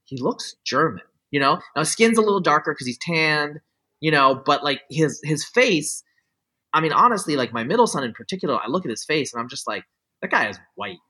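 Lively, husky-voiced middle-aged man. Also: a little high, fairly quick, poor audio. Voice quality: talks in looping restarts with many "like" and "you know" fillers. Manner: explanatory, opinionated. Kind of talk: casual conversation.

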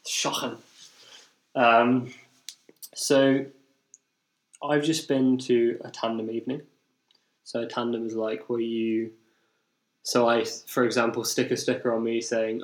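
A man chatting casually on a podcast, rambling and restarting his sentences. His voice sits at a middle pitch. The recording carries a noticeable room echo. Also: flat delivery, slow pace, long pauses. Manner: rambling, self-correcting, repeats phrases. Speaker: podcast co-host. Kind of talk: casual chat. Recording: echoey room.

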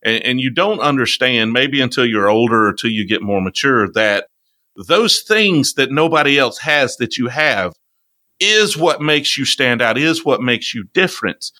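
A middle-aged man with a slow Southern drawl, hosting a relaxed, folksy chat. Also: medium pitch, no echo. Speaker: podcast host. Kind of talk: casual conversation.

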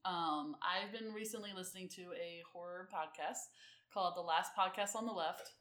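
A woman's voice: fairly low pitch, moderate pace, a bit bright, echoey room. A woman co-hosting a podcast, chatting casually and rambling with many ums and restarts. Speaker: podcast co-host. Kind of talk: casual chat.

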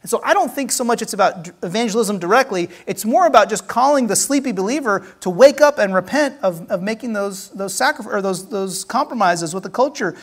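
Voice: medium pitch, expressive, a little fast, few pauses. Earnest preacher exhorting a congregation. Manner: earnest, exhorting, with frequent "right?" asides. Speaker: pastor. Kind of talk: sermon. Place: church service.

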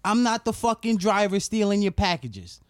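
A man's voice: high-pitched, very animated, normal speed, smooth, no room sound, studio quality. A man on a casual podcast, ranting in a heated, profane way. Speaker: podcast co-host.

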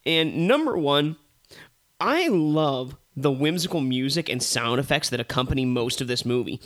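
A man co-hosting a casual movie review chat, ranting with animated, profane exasperation. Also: mid-range voice, normal speed.

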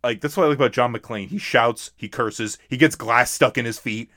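A man's voice: medium pitch, normal speed, pushed and bright, no room sound, clean studio sound. Rambling man chatting about movies. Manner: rambling, many restarts and fillers. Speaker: podcast co-host. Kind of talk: casual movie chat.

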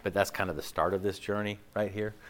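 A man's voice: lowish voice, fast talker. A man preaching a sermon as pastor, talking in a loose, conversational way with many "okay?" asides and acting out listeners' reactions. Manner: conversational, animated, acts out imagined listeners' reactions; frequent "okay?" and "like" fillers.

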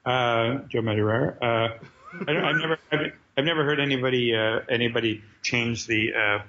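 A man being interviewed, telling animated, jokey anecdotes in casual conversation. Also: mid-range voice, a little fast, lo-fi sound, background noise. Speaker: guest, comic book writer.

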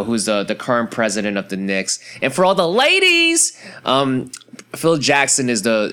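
A man talking on his own in a loose, rambling monologue. He swears constantly, restarts his sentences, and keeps asking the listener rhetorical questions. His voice sits at an ordinary middle pitch. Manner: profane, animated, frequent restarts and rhetorical asides. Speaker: solo commentator.

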